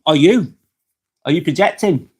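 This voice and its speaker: A man's voice: fairly high pitch, lively intonation, moderate pace, slightly rough. A middle-aged man hosting a casual live vlog, talking frankly and swearing freely as he reads viewer comments. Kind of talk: casual live-stream chat reading comments. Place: apartment indoors.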